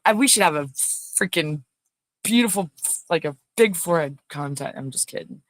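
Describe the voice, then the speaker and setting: A woman's voice: low voice, expressive, normal speed, no echo. A woman hosting a casual livestream, chatting in a rambling way and greeting viewers by name. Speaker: livestream host. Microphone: phone.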